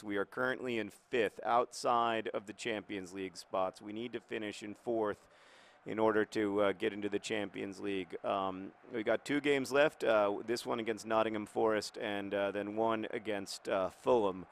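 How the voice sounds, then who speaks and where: A man's voice: on the low side, fairly even intonation, normal speed, vocal fry, no echo. A man giving casual commentary over a football video game, playing the club's manager in a hesitant, rambling way with many fillers. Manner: earnest mock-manager tone.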